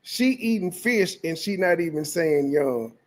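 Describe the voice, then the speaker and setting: A man's voice: fairly high pitch, lively intonation, a little slow. A man hosting a reaction channel, mocking a clip in blunt, profane commentary. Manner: mocking, blunt, heavy cursing.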